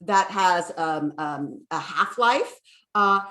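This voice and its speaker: A woman's voice: on the low side, expressive, takes it slowly, pushed and bright, roomy sound. A woman neuroscientist giving an enthusiastic online lecture, with fillers and restarts, speaking into a computer microphone.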